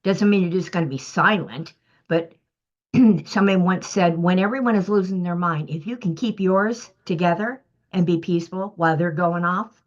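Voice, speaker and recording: A woman giving an earnest, self-critical testimony in a church group discussion, emphatic and often clearing her throat. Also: fairly low pitch, normal speed. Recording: muffled lo-fi recording.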